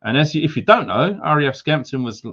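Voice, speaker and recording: A man's voice: fairly high pitch, lively intonation, fast talker, fairly bright tone, slightly rough. A middle-aged man from England hosting a casual livestream, chatty and upbeat as he greets viewers with jokey asides. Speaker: livestream host. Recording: slightly dull lo-fi audio.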